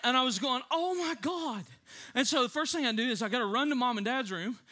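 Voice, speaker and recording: A man preaching a sermon with comic stories, animated, laughing often and acting out voices. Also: very high voice, rapid-fire.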